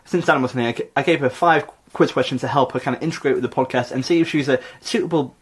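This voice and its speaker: A man's voice: fast, breathy edge. A young man hosting a comedy podcast, bantering and laughing as he chats with his co-host. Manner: bantering, bursts into high-pitched laughs. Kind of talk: joking casual chat.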